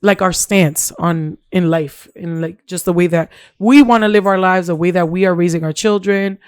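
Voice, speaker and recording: Mulher conversando num podcast, voz lisa. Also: female voice, fairly low pitch, moderate pace, clear, resonant tone, no echo, clean studio sound. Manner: chatty, restarts sentences often. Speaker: podcast co-host. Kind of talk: casual chat.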